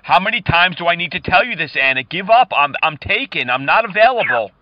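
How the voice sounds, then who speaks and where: A man on a prank call, trading cheesy pick-up lines. His voice sits a little high. The sound is muffled, with a faint hiss underneath. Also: animated, fairly quick. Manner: teasing, flirty pick-up lines. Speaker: prank caller.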